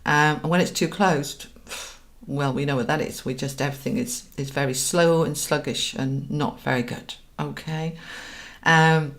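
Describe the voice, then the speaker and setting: A woman's voice: low-pitched, steady tone, moderate pace. A middle-aged woman, hosting a live-stream chat as a spiritual coach, earnest and guiding, often checking in with "all right?" and "okay?".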